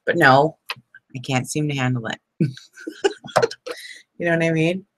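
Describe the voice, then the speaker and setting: A woman's voice: low voice, slow pace, noisy background. A middle-aged woman chatting casually on a crafting live stream, rambling and laughing often. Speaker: crafting vlogger.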